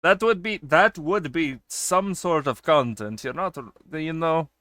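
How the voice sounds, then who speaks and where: A man streaming and chatting casually with his viewers. He swings between loud excited bursts and quieter asides, and he swears casually. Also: on the high side, unhurried, dry recording, clean studio sound. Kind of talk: casual chat with a live stream chat.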